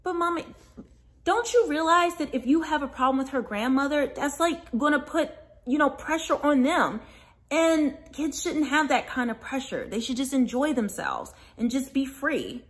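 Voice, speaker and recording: A high, lively voice as a woman plays an exasperated mother. She scolds and pleads with rising frustration, tired of the drama around her, in a comedy sketch. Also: moderate pace. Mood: pleading.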